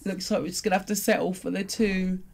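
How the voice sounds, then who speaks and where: A gaming video creator reacting while opening loot boxes. They swing between glum muttering, pleading with the game, and excited shouting. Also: medium pitch, quick pace, vocal fry, slightly rough.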